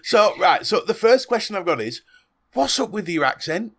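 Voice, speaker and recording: A man's voice: high voice, sing-song, normal speed, a bit bright. A man hosting a casual podcast, joking and teasing his co-host.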